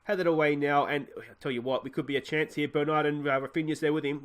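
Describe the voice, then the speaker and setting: A man with an Australian accent hosting a let's play, chatting casually about his football management game and breaking into excited shouts when goals go in. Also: on the high side, fast, few pauses, over a noisy crowd, heavy background noise.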